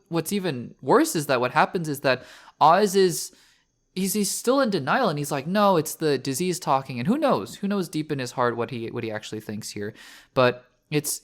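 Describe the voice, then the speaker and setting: A man hosting a podcast, talking through a TV finale in a rambling, earnest way, full of restarts and fillers. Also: fairly high pitch. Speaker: podcast host. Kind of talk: casual spoiler discussion.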